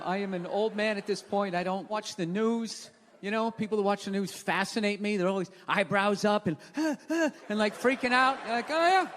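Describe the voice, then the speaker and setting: A middle-aged man doing stand-up comedy, ranting loudly with profanity and dropping to mumbles between yells. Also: very high-pitched. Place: large theater stage. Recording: live theater recording with long hall reverb and crowd noise. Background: audience laughter and applause.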